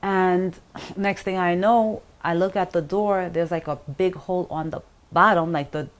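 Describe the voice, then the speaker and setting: A middle-aged woman telling her own story in an interview, halting and pausing, acting out the voices of others as she goes. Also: fairly low pitch, steady tone. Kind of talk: emotional personal account.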